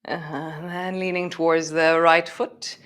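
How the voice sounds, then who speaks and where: A woman guiding a live yoga class, chatty and relaxed, laughing at herself. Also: low voice, unhurried, clean tone. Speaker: yoga teacher.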